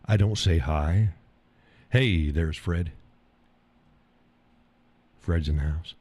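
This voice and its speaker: A man's voice: low-pitched, very slow, darkish tone. A man hosting a casual live stream, joking in a folksy way, reading viewers' comments aloud and laughing often.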